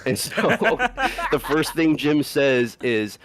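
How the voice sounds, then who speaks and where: A man's voice: a little high, very animated, slow pace, a bit bright, no room sound. A man casually telling a long story to friends, rambling, swearing freely and often breaking into laughter.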